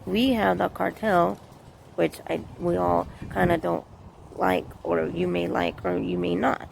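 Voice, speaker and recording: A woman vlogger rambles earnestly through her opinions, circling back to the same points. Her voice is heavily gravelly, full of fry. The recording is noisy, with street and vehicle sounds behind her outdoors. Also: fairly low pitch, unhurried, darkish tone. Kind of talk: casual opinion monologue.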